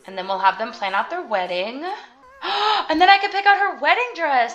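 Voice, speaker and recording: A woman's voice: high voice, big pitch swings, a little fast, sharp tone, muffled recording. A young woman vlogger giving casual, chatty commentary while playing a life-sim game, giggling and swearing when surprised. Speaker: gaming vlogger.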